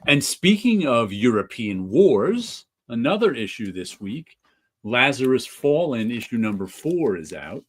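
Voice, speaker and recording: A man hosting a casual talk stream, his voice swinging widely in pitch. He jokes easily and keeps the chat moving. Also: husky. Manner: lively, quick to joke. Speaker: podcast host.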